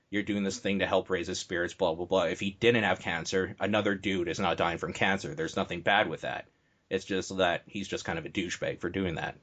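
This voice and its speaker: A man with a very low voice hosts a loose podcast chat. He talks bluntly and jokes around, swearing freely. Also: a bit bright. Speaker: podcast host.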